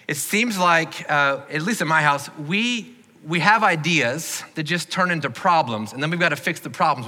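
Bright-voiced pastor preaching in a reverberant hall. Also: male voice, fairly high pitch. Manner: conversational, joking, encouraging. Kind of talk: sermon. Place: church sanctuary.

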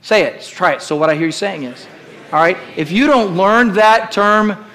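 A man's voice: high voice, moderate pace, a bit bright. A middle-aged man preaching a sermon as pastor, emphatic and direct, calling on the congregation to repeat phrases aloud. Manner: emphatic preaching with call-and-response prompts. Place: church.

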